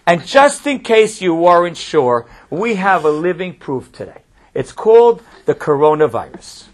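A man's voice: high voice, expressive, unhurried. A man who works at a school, giving an inspirational religious talk and repeating key phrases for emphasis.

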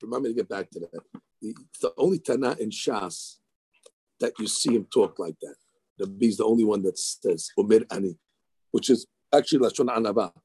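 A man teaching Talmud in a lively study session, mixing Hebrew terms into his English. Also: on the low side, a little fast, husky, dry recording. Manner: animated, excitable, mixes Hebrew terms into English.

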